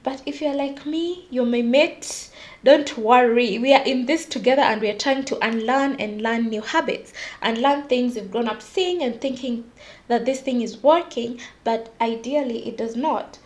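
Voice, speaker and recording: A young woman talks to her listeners in a casual solo podcast. Her voice sits high, and her delivery is animated and confiding as she laughs at herself. She sounds like a host opening up about her own life. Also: normal speed. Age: young adult.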